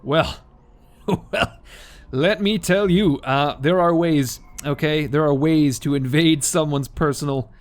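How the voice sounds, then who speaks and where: A man's voice: a little high, slow pace. A man hosting a let's play, talking through his game in a rambling, jokey way and often correcting himself mid-sentence. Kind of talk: casual gameplay commentary.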